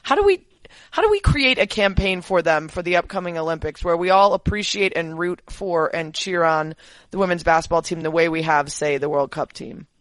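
A woman's voice: fairly low pitch, brisk, no room sound. A woman hosting a podcast, chatting casually and asking long, thoughtful questions. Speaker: podcast host. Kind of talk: casual interview chat.

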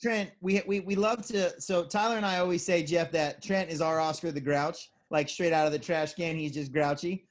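A man's voice: on the high side, fairly even intonation, normal speed, few pauses. A man hosting a surf podcast, teasing his co-host and his guest in a playful way. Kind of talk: casual chat.

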